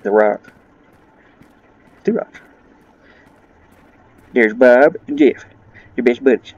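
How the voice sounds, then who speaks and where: A man's voice: medium pitch, slow pace, darkish tone, dry recording, lo-fi sound. A man giving let's play commentary, rambling and joking his way through a spooky game, laughing at his own nerves. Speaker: gaming channel host.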